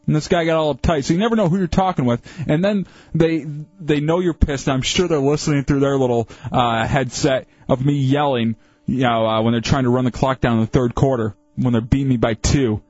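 A man co-hosting a radio show, telling a story in an animated, ranting way with many fillers. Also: mid-range voice, a little fast, no echo. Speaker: radio co-host. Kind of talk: casual radio banter. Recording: dull lo-fi radio broadcast.

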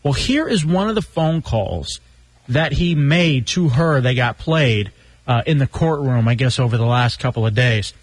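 A man's voice: mid-range voice, expressive, normal speed, breathy edge, no room sound. A man hosting a radio show, chatting casually, joking and reading quotes aloud. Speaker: radio host.

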